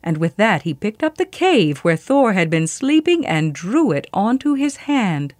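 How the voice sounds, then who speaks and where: A woman reading a myth aloud as a storyteller, expressive and vivid. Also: medium pitch, a little slow, dry recording, clean studio sound.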